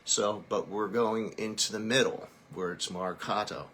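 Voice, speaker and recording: A man's voice: lowish voice, measured pace, a bit bright, slight background noise. A man teaching a singing lesson, explaining technique and then singing short vowel drills to demonstrate. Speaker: vocal coach.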